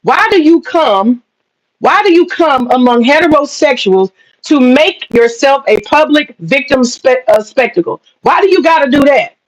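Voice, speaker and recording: Brief: high-pitched woman, profane ranting commentary host, rapid rhetorical questions. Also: lively intonation, poor audio.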